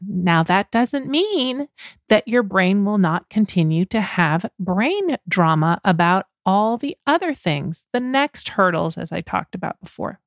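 A woman's voice: on the low side, gravelly, no echo, studio quality. A woman in her fifties, a business coach, talking earnestly and conversationally in a solo podcast monologue. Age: 50s.

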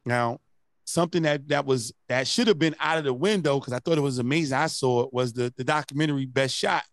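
A man's voice: medium pitch, a little fast, no room sound, studio quality. A man hosting a podcast, asking questions casually and encouraging his guest. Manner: supportive, brief affirmations. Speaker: podcast host. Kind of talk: casual interview.

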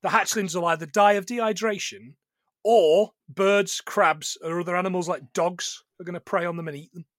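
A British man co-hosting a casual film podcast, sweary and animated, often slipping into silly quoted voices. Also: sits high, normal speed, no echo, clean studio sound. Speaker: podcast co-host. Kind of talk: casual film commentary chat.

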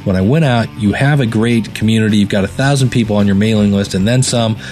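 A man hosting a podcast review show, giving casual spoken feedback with fillers and deliberate stress on some words. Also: on the low side, darkish tone, faint music behind.

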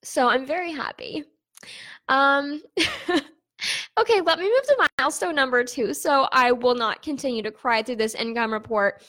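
High-voiced emotional young woman vlogging. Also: lively intonation, a little slow, bright, forceful tone. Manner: emotional, candid, chatty, addresses viewers as friends. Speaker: online business owner giving an income report. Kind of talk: casual to-camera vlog talk.

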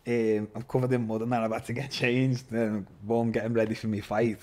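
A man, a guest telling his story in an animated, casual way, swearing and calling everyone lad. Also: mid-range voice, fairly quick. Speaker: podcast guest, MMA fighter.

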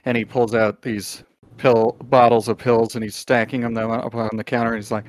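A man narrating as game master of a tabletop game, in a relaxed, drawn-out way with pauses. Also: mid-range voice.

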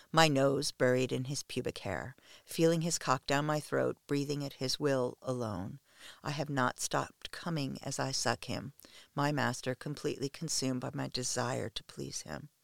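A man reading a first-person story aloud in a slow, hushed, measured way. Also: mid-range voice, creaky, no room sound, clean studio sound.

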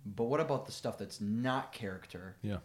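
A man's voice: on the low side, moderate pace, a little hiss or hum. A man hosting a conversation, asking probing questions and giving short affirmations. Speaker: podcast host. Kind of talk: conversational interview.

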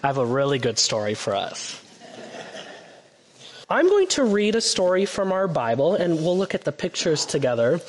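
A pastor reading a Bible storybook to children during a church service, speaking gently and encouragingly. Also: male voice, on the high side, big pitch swings, moderate pace. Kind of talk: children's story time and sermon. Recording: reverberant church hall.

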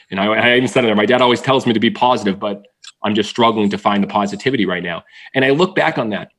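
Fast-talking, lively man telling stories. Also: lowish voice. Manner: energetic, animated storyteller. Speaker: guest. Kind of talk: storytelling interview.

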